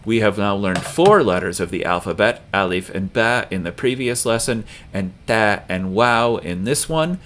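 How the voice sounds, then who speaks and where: A man with a fairly low voice teaches a video lesson. He speaks slowly and patiently and says each example word twice, louder and with heavy stress. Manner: slow and patient, repeating example words with loud stress. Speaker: language teacher.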